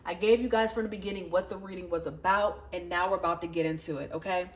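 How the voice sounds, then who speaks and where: A woman's voice: fairly even intonation, quick pace. A woman doing a casual tarot reading, telling a frantic story full of swearing. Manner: low murmured prayer. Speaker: tarot reader.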